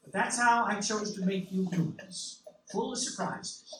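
A man voicing God as a calm, omniscient male figure with a mellifluous tenor voice and a patient, gently wry manner, in a storybook reading. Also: high-pitched, a little slow. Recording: roomy, distant mic, faint hiss.

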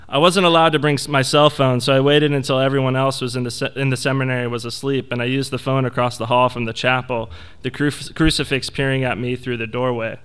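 A man's voice: mid-range voice, flat delivery, fast talker, a bit bright, smooth. A young man reading his personal essay aloud to an audience, wry and reflective. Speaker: essay reader.

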